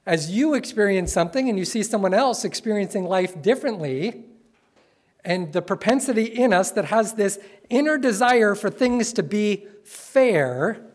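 Guy preaching a sermon in church, chatty storyteller, drags out the big words slow. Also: high-pitched. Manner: conversational, playful storytelling with sudden slow emphatic phrases. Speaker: pastor. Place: church sanctuary with congregation.

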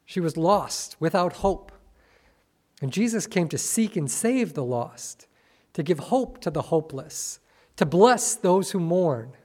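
A male pastor preaching a sermon, dramatic and full of rhetorical questions, swinging between soft and loud. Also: on the high side, expressive, a little slow.

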